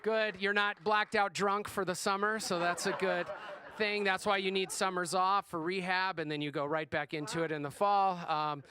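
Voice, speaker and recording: A man's voice: high-pitched, fairly even intonation, moderate pace, background noise. A middle-aged man performing a stand-up comedy set on stage, talking in a chatty, self-deprecating way full of fillers and restarts. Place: comedy stage before a live audience.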